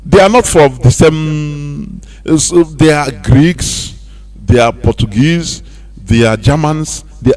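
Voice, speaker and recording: Nigerian man preaching with lively swings. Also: medium pitch. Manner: preachy, rhetorical questions, sudden swings into sing-song emphasis. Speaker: radio host. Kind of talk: impassioned monologue. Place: radio studio.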